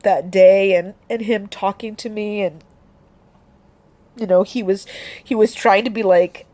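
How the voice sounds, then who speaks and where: A young woman talking about her grief in a personal vlog, halting, with many restarts and fillers. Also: medium pitch, fairly even intonation, warm tone. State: grieving, voice dropping soft. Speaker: vlogger.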